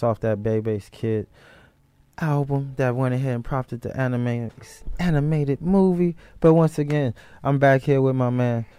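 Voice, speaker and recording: A man's voice: lowish voice, dark tone, smooth. A man hosting a podcast in casual chat, loose and rambling as he restarts his thoughts. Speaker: podcast host.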